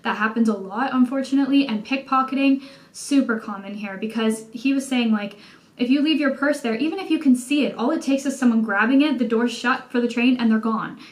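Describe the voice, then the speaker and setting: A woman's voice: fairly high pitch, fairly quick. Chatty Canadian woman telling a story. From Canada, Toronto. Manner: chatty, animated storytelling, many "like" fillers. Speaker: vlogger. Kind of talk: casual storytime vlog. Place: indoors at home by a window.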